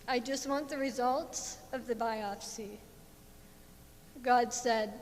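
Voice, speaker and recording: A woman giving a heartfelt personal testimony in a church, speaking earnestly into a microphone. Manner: slow, earnest and heartfelt, rising in fervor. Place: church sanctuary. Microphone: handheld microphone. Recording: echoey church hall with faint rumble.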